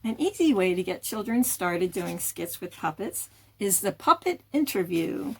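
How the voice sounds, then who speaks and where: A woman's voice: mid-range voice, sing-song, normal speed, gravelly, husky. A woman hosting a puppetry channel, explaining puppet techniques in an encouraging, teacherly way. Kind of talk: instructional video.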